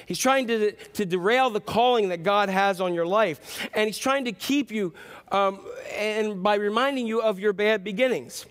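A man's voice: sits high, normal speed, a bit bright. A man preaching a sermon as pastor, telling stories and acting out quotes. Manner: storytelling with acted-out quotes.

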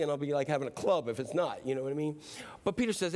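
A man's voice: fairly high pitch, lively intonation, very fast, a little mellow. A man preaching a sermon in a casual, playful way, acting out the story. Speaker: pastor.

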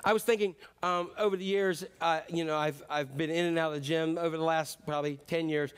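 A middle-aged man preaching a sermon earnestly, swinging between loud emphatic bursts and soft, slow passages. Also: fairly high pitch, fairly even intonation, clear, resonant tone. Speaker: pastor.

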